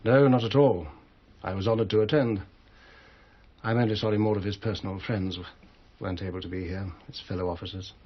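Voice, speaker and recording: A deep-voiced formal army officer. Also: male voice, fairly even intonation, slightly rough, dull audio. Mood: solemn. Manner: formal, measured condolence. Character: formal male army officer consoling parents.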